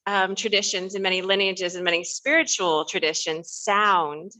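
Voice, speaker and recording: Bright, playful woman leading a congregation. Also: mid-range voice, normal speed, no room sound. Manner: playful, laughing, coaxing. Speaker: worship leader. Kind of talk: guiding a congregation in voice warm-ups.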